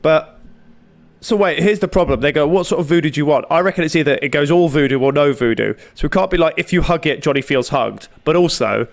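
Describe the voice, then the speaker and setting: Gravelly man teasing in comedy banter. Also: fairly high pitch, quick pace. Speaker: podcast co-host. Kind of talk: casual comedy chat. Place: home room with window open.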